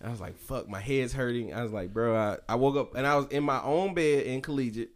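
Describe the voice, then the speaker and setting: Male podcast co-host, casual storyteller, animated and profane, quotes friends, laughs a lot. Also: medium pitch, fast.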